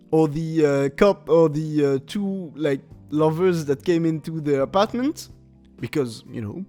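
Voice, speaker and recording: A man's voice: on the high side, lively intonation, unhurried, dark tone, soft background music. A man hosting a podcast, rambling casually through a comedic film review with frequent laughs and filler words. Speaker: podcast host.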